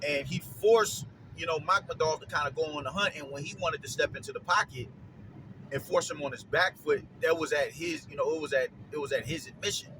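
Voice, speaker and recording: A man's voice: a little high, brisk, background noise. A man hosting a casual fight breakdown, talking in slangy, profane bursts, repeating phrases as he gets worked up. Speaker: boxing commentator, show host.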